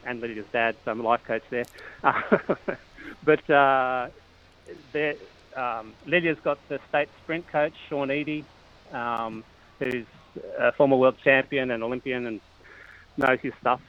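A man's voice: mid-range voice, fairly even intonation, slow pace, pauses often, highs cut off. A middle-aged Australian man, a cycling coach guest, talking casually with lots of fillers and restarts. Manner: hesitant, many fillers and restarts, chuckles often. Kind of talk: casual interview chat.

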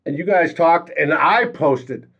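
A man co-hosting a casual sports chat who reads out listener comments, easygoing and quick to laugh. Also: fairly high pitch, animated, a bit bright, breathy edge. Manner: laughs often, slow and easygoing. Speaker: podcast co-host reading listener comments. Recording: dull lo-fi audio.

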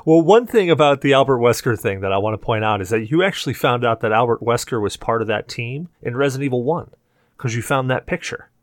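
Male podcast host, animated delivery, bone-dry close mic. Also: mid-range voice, quick pace, dry recording. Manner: animated, teasing, steers the talk. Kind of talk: casual chat.

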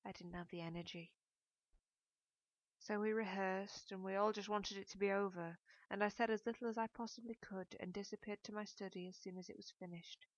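A woman's voice: mid-range voice, no room sound. Woman narrating an audiobook in first person. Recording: dull, dry audiobook recording.

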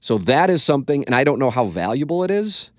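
A man's voice: mid-range voice, big pitch swings, fast talker, no room sound, studio quality. A man with a St. hosting a podcast, telling stories in a blunt, profane, casual way and acting out quotes. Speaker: podcast host. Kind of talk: casual storytelling chat.

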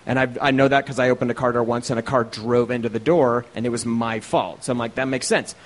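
A man's voice: mid-range voice, fairly even intonation, quick pace. A man telling a profane, comic story live on stage, laughing through it. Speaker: co-host and storyteller. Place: live show at a small venue.

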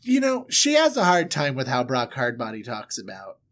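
A man hosting a podcast, retelling a story as a joke-filled casual chat, animated and full of fillers. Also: medium pitch, moderate pace.

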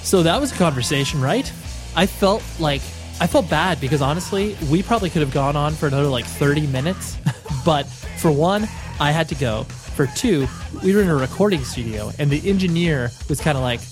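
A male podcast host closing his show in a chatty, relaxed way, his voice nasal from an illness. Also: fairly high pitch, fairly quick. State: sick, nasal voice. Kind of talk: podcast outro. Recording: music bed under the voice.

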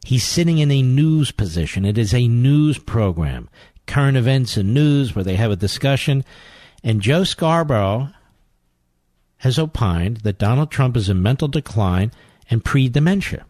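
A man's voice: mid-range voice, animated, normal speed, darkish tone, dry recording, studio quality. Sarcastic talk radio host, man. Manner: sarcastic, mocking, exclaiming. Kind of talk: political talk radio commentary.

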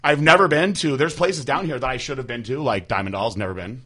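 Bright-voiced man in casual chat. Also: medium pitch, fast talker. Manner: candid, crude storytelling with animated impressions. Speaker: podcast host.

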